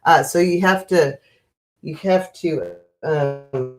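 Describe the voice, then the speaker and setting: A woman hosting a spiritual livestream, chatting gently with viewers and rambling through many fillers and restarts. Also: deep voice, slow pace. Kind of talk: casual live chat with viewers.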